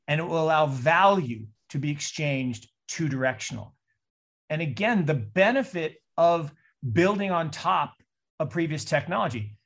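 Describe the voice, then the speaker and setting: A man in his sixties from Seattle, giving an animated talk on a call and telling stories in mock voices. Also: on the high side. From Seattle, USA. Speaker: investor speaker. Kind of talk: presentation on a call.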